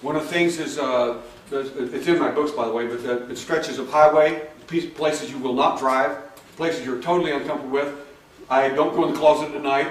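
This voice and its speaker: In an echoey room, far from the mic and with faint background noise, a hypnotherapist tells an audience case stories and fields questions. He acts out the dialogue in raised voices, his voice medium in pitch and normal in speed.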